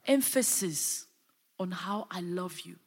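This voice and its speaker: A woman delivers a sermon at a measured, unhurried pace. Her voice carries a long reverb, as if she is filling a large hall. She swells on key lines and calls out to her listeners for a response. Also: on the low side, lively intonation, a little mellow. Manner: impassioned, rising and falling emphasis with call-and-response. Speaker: preacher.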